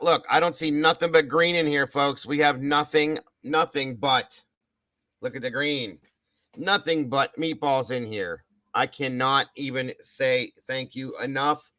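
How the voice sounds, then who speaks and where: A man's voice: mid-range voice, a bit bright, rough recording. An older man hosting a casual live stream at home, effusively thanking viewers one by one. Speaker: livestream host.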